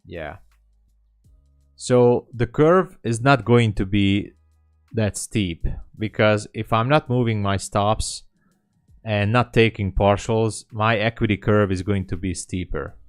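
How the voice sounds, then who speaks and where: A man with a lowish, smooth, resonant voice talks slowly through a live trading stream, pausing to think and apologizing for slips. The sound is dry and close, with faint music behind him. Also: no room sound. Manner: slow, thinking aloud, apologetic. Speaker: livestream day trader.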